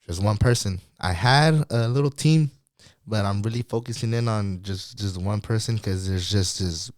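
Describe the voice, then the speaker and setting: A man's voice: lowish voice, moderate pace, no echo, clean studio sound. A man guesting on a podcast interview, talking in a laid-back, slangy way and laughing often. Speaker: guest singer.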